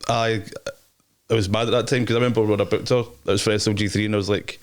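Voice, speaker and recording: A young Scottish man chats fast in a low voice, slangy and rambling, laughing often as he tells stories. He speaks as a guest in a casual interview. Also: flat delivery.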